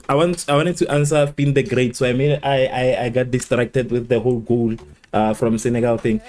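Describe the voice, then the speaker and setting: A man hosting a live football watchalong, rambling and repeating himself, who laughs at his own slips and jumps high in pitch at exciting moments. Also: brisk, faint music behind. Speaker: watchalong host. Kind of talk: live match watchalong chat.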